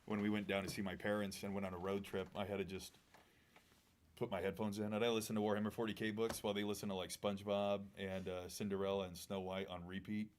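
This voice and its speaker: A man's voice: lowish voice, level tone, fast, slight background noise. A man in his thirties co-hosting a podcast in casual chat, blunt and joking. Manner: blunt, joking, with swooping voices and laughs. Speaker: podcast co-host.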